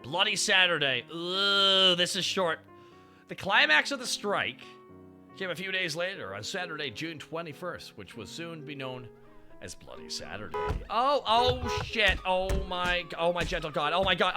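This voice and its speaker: Young man, streamer, driving, reading history aloud, sarcastic, swears a lot, higher voice, faint music behind. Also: a little slow. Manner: animated, profane, sarcastic asides. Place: in a car while driving.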